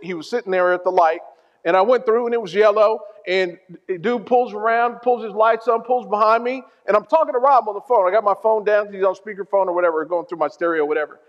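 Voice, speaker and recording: A middle-aged man preaching a sermon, telling stories in an animated, humorous way. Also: high voice. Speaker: pastor. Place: church hall. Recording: dull sound in a reverberant hall.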